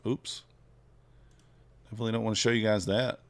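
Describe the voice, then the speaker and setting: A futures trader streams live, trading while thinking aloud and chatting with viewers in a laid-back, casual manner. His voice is on the low side, with a steady tone and a slightly fast pace.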